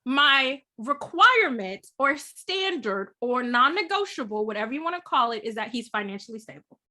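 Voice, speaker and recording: A high, bright woman talking as a podcast guest. Her pitch moves a lot as she chats and laughs easily. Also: normal speed. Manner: animated, laughs often. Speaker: guest, dating podcast host. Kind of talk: casual podcast chat.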